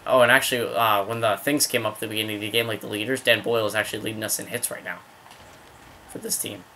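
A young man casually commentating his own hockey video game, rambling between excited outbursts at the plays. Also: lowish voice, quick pace, gravelly, a little hiss or hum. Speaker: gaming video host.

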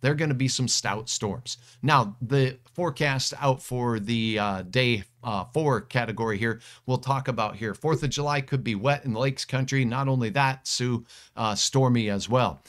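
A man's voice: mid-range voice, normal speed, fairly bright tone. Folksy man giving a live weather forecast. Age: middle-aged. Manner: folksy, jokey, reads viewer comments aloud. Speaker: meteorologist hosting a live weather stream.

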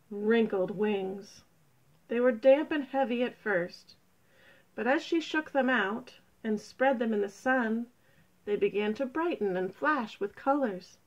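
A woman reading a children's story aloud in a gentle, unhurried narration. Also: fairly high pitch. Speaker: storybook reader. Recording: dull lo-fi recording.

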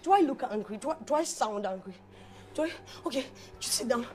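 A woman's voice: on the high side, lively intonation, brisk, natural voice. An actress with a Nigerian accent playing a young woman about to be jilted before her wedding, pleading and breaking into sobs in a film drama.

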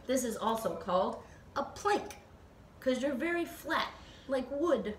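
A woman teacher guiding children through a slow, playful yoga flow with animal sounds, recorded at home. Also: sits high, animated, reverberant, a little hiss or hum. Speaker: Montessori teacher leading kids' yoga. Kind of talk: gentle guided yoga instruction for children. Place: at home, dog nearby.

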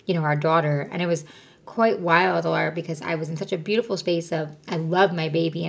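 A woman, likely in her thirties, earnestly telling a personal story as a podcast guest, with frequent fillers. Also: deep voice. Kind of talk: personal story in casual conversation.

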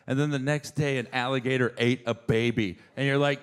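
A man from Florida doing a stand-up set on a club stage, punchy with shouted bursts. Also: mid-range voice, fairly even intonation, fast talker, few pauses, smooth. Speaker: stand-up comedian.

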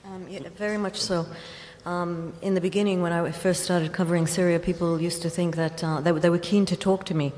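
A woman journalist on a festival panel, recounting her reporting in a measured way with pauses. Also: fairly low pitch, steady tone, a little mellow. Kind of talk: panel discussion. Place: large festival hall. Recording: long reverb of a festival hall.

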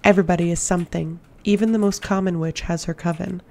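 A sly, mocking immortal witch, as a woman reader puts her on, speaking low and level with a dark, gravelly texture. Her taunts come slow and quiet, with a predatory calm. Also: lightly acted. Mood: probing. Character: menacing immortal witch woman with iron teeth.

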